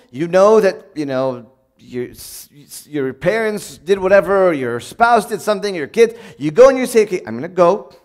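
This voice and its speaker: In a bright, upbeat voice on the high side, a man preaches a conversational sermon, reading from old sayings and acting out everyday moments.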